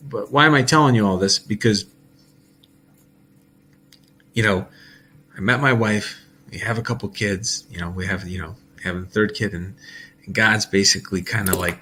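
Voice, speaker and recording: A man's voice: fairly low pitch, pushed and bright, slight background noise. A man talking casually to his audience in a loose, rambling monologue, restarting sentences and laughing often.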